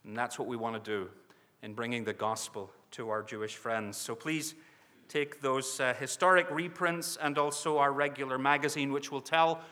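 In a sermon appeal, a mission society speaker earnestly urges his hearers, repeating his plea for their prayers and support from the pulpit. His mid-range voice stays steady and sharp at a moderate pace, with a long reverb tail behind it.

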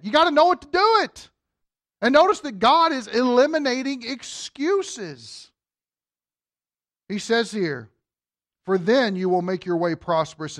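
A male pastor preaching with lively energy, his voice pitched notably high. He moves between reading scripture and joking asides to the congregation. The sound is dry and close, with little room echo. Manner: animated, joking asides, reads scripture aloud. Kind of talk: sermon.

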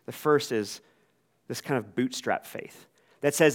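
A man's voice: mid-range voice, a little slow, long pauses. Conversational man preaching a sermon. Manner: conversational, animated, acts out quotes. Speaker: pastor.

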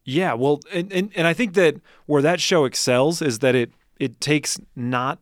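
A man's voice: a little high, unhurried, dry recording, clean studio sound. A man co-hosting a casual podcast chat, easygoing and thoughtful, asking questions.

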